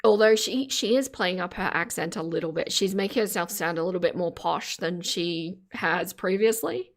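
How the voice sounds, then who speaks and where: A woman's voice: lowish voice, moderate pace. Aussie woman chatting on stream, reacting to clips, laughs a lot. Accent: Australian. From Australia. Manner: chatty, self-aware, laughs often. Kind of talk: casual chat.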